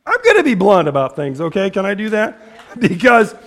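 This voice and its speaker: A man's voice: high-pitched, wildly swooping pitch, brisk, a bit bright. A man preaching a casual, blunt sermon as pastor, talking like a conversation, repeating words and acting out the people he quotes.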